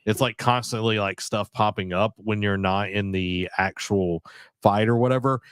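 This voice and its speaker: A man with a fairly low voice co-hosts a podcast and talks about games in a loose, rambling way, full of "like" and "um." He is recorded on a close mic in a dry room with no echo. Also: steady tone, normal speed, a bit bright, clear, resonant tone. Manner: rambling, many fillers and restarts. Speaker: podcast co-host. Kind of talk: casual chat about video games.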